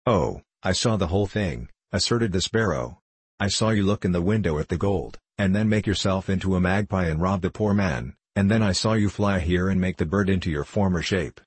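A prim little sparrow that lectures and scolds in a storybook tale, read by a man. The voice stays low and husky, recorded close and dry. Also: brisk, dry recording. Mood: scolding. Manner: moralizing, scolding.

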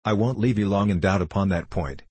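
A stern, pompous old minister lectures in formal, indignant sentences, as a man reads him. The voice is deep and husky and sits dry and close. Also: a little fast, darkish tone, no room sound.

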